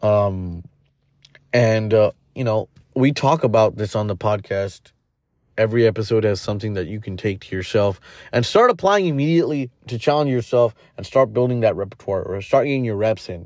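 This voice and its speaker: A man's voice: fairly low pitch, normal speed, darkish tone, no room sound. A man hosting a podcast, giving a blunt, casual motivational monologue full of fillers and restarts. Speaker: podcast host.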